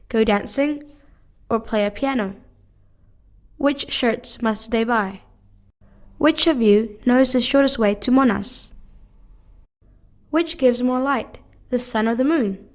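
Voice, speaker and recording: Female English teacher, fairly high voice, careful measured delivery of practice sentences. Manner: measured, careful reading of one question at a time. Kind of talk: reading drill sentences aloud.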